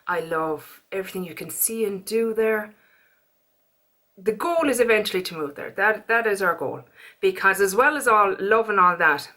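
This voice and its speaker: A woman with an Irish accent chatting in a casual beauty haul vlog, animated and quick to go off on a rant. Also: medium pitch. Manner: chatty, animated, prone to rants. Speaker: beauty vlogger.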